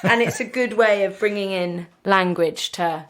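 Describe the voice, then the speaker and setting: A woman in her thirties, a comedian guest, chatting in a lively, playful way in a home kitchen. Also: mid-range voice, a little slow. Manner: lively, playful, slips into silly voices. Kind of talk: casual conversation.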